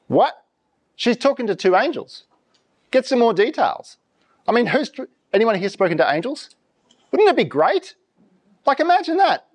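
Animated man preaching a conversational sermon. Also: high-pitched. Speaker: pastor. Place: church.

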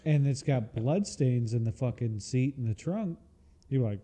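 A man's voice: medium pitch, unhurried. A man co-hosting a podcast, telling stories in casual, profane chat. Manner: profane, animated storytelling. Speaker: podcast co-host.

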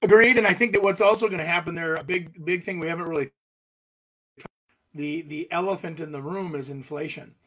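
Lively high-voiced realtor man. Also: brisk. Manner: animated, jokey, laughs while telling stories. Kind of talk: casual storytelling chat.

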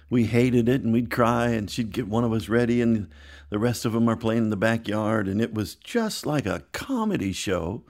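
A middle-aged male pastor telling family stories in a chatty podcast, laughing as he goes. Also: lowish voice. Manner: chatty, laughs through his stories, animated voices. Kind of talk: storytelling sermon podcast.

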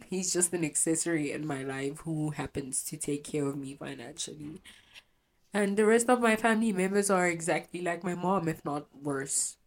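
A young woman hosting a solo confessional podcast, speaking bluntly and candidly and swearing freely. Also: deep voice. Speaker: podcast host.

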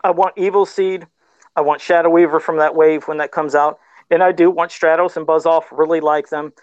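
A man's voice: a little high, flat delivery, a little fast, no echo, highs cut off. A man talking casually on a livestream about his first sculpted custom figure, self-deprecating and laughing often. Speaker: guest toy sculptor.

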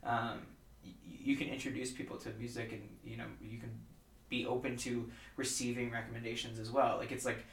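A relaxed man talking in a casual podcast chat, circling his point through restarts and fillers. His voice sounds roomy and set back from the microphone, with noticeable room echo. His pitch sits at a typical middle male level. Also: a little fast, a little hiss or hum. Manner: rambling, hesitant, many fillers and restarts, laid-back. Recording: roomy sound from a distance off the mic.

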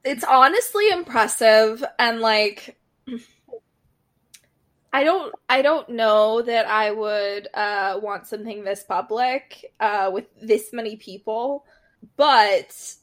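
A woman's voice: a little high, slow. A woman co-hosting a podcast, chatting casually about an episode with hesitant, filler-heavy speech and some laughter. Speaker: podcast co-host. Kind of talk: casual recap chat.

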